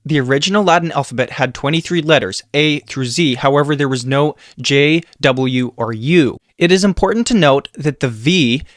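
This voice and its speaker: A man giving a scripted Latin pronunciation lesson, saying example sounds slowly and carefully. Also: on the high side, no room sound, studio quality. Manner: slow, careful demonstration of sounds. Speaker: Latin teacher.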